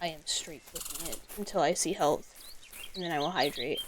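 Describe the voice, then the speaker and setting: Streaming a horror game, a woman with a low-sitting voice talks briskly in a casual, rambling way, full of fillers and the odd swear. She's excitable and swears freely during her gameplay commentary, with background noise audible.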